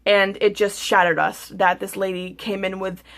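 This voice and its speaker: A woman's voice: medium pitch, little pitch movement, normal speed, a bit bright. A woman beauty vlogger telling a frustrated, rambling story in a casual vlog, swearing freely and repeating herself. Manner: repeats words, rambling with restarts.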